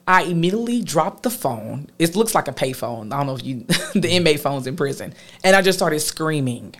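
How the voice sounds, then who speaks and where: A woman, a guest telling a personal story in an animated way, acting out what others said. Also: low voice, a little fast. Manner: animated, quotes others with lively voices.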